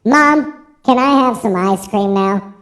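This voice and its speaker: A man's voice: high-pitched, takes it slowly, fairly bright tone, pitched above the performer's own voice. Man doing a whiny little country boy. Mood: pleading. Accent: Southern US country, put on. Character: young country boy begging his mom. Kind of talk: comic skit in a vlog rant.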